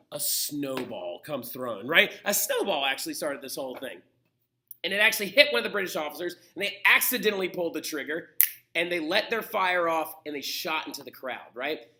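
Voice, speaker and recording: A young man teaching a history lesson in a casual, animated way, often checking in with "right?". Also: on the high side, fairly quick. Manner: animated and conversational, acts out quotes, says "right?" often. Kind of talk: recorded history lecture.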